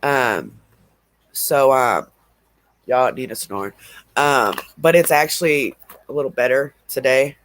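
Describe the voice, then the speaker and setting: A man's voice: mid-range voice, takes it slowly, pauses often, a bit bright, slight background noise. A man hosting a casual livestream, stuffy and sniffling from allergies, rambling and drawling with laughs between remarks. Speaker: livestream host.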